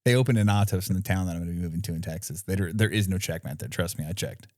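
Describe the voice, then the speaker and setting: A man's voice: low-pitched, rapid-fire, a little mellow, no echo, studio quality. A man co-hosting a podcast in casual chat, laid-back and swearing freely. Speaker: podcast co-host.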